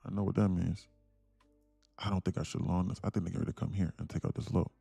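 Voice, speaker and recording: A man's voice: low voice, little pitch movement, fast, creaky, mellow, slightly rough, no room sound, soft background music. A man streaming live day trading, talking casually and laughing as he reads chat aloud. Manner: laid-back, chuckling, reads chat aloud.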